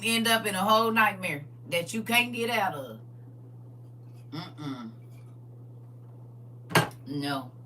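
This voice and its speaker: A woman hosting a casual livestream, reading viewer comments aloud and preaching in a lively way with frequent laughs. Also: fairly low pitch, recorded from a distance, a little hiss or hum. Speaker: livestream host.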